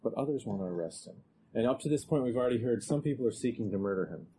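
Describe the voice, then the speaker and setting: A male preacher giving a conversational expository sermon, growing animated when he reads scripture aloud. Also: medium pitch, fast, a little hiss or hum, rough recording.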